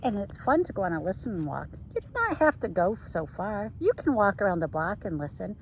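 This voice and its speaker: Woman teacher, picture-book read-aloud for kids, very animated pitch, playful sound effects. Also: a little fast, a little hiss or hum, rough recording.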